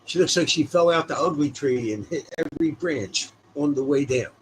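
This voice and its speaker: A man's voice: fairly high pitch, moderate pace, a little hiss or hum, poor audio. A man heckling crudely, throwing coarse insults.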